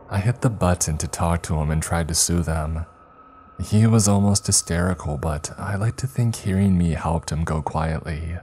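A man reading the first-person account of a grieving older woman, a former space communications chief, in slow, somber scripted horror narration. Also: sits low, a little mellow, a little hiss or hum. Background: faint music.

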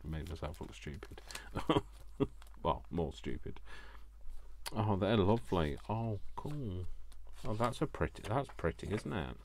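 Slow, low-voiced man gushing over gifts. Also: animated, darkish tone. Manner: gushing, gasping and talking to himself. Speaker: craft vlogger. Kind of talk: casual unboxing chat.

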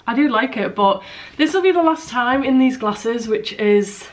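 A woman's voice: fairly high pitch, expressive, moderate pace. Chatty young British woman vlogging. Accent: British English. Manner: chatty, rambling, self-deprecating. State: nervous, slightly out of breath. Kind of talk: casual chat to camera.

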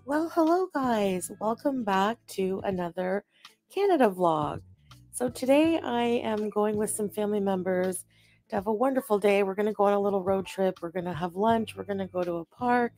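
A woman's voice: medium pitch, normal speed, a little mellow, soft background music. A woman talking to camera in an upbeat, chirpy vlog style. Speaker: vlogger.

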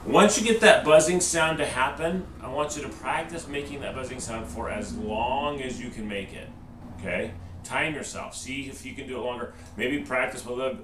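In this video lesson, a man teaching trumpet speaks at medium pitch with a fairly bright tone. He patiently walks through each step and checks in with "okay?", while the recording carries roomy echo, faint noise, and a distant mic.

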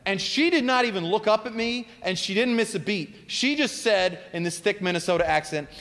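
A man answering audience questions as a guest philosopher at a public talk, speaking in an animated, expansive way with spirited emphasis. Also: sits high, a little fast, hardly any pauses. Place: lecture hall at a college event. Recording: hall reverb.

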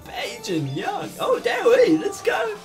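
A young man giving casual reaction commentary, excitable and quick to laugh and exclaim. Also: extremely high pitch. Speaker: YouTube reactor. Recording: music playing underneath.

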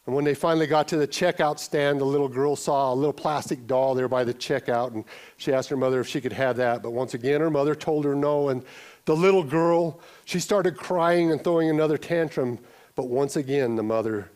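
A man's voice: a little high, moderate pace, a little mellow. A male pastor giving a conversational sermon, telling an anecdote, often restarting and repeating words. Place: church sanctuary.

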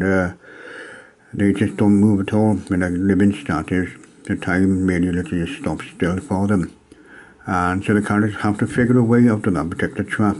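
A man from Wales casually reviewing an old tabletop game module, pausing often with ums and uhs as he gathers his thoughts. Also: sits low, darkish tone. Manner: hesitant, many ums and uhs.

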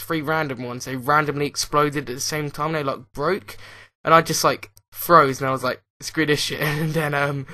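A man's voice: on the high side, sharp tone. A young British man rambling casually as he plays and comments on a building game. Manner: rambling and chatty, thinking aloud while playing. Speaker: gaming channel host. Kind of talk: let's-play commentary.

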